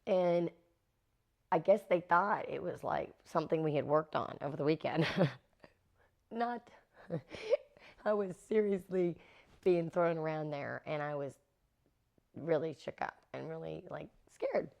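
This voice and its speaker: A middle-aged actress being interviewed, animatedly telling stories and acting out the quotes. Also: female voice, sits low, measured pace, vocal fry, long pauses. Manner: animated, acts out quotes with laughs. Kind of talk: anecdotal interview storytelling.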